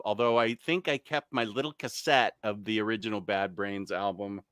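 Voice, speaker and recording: A man hosting a relaxed live chat show, reading comments aloud and laughing easily. His voice is bright and crisp. The mic is close and dry, with no room sound. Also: medium pitch, dry recording. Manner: chatty, laughs often, loses his train of thought. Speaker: livestream host reading chat.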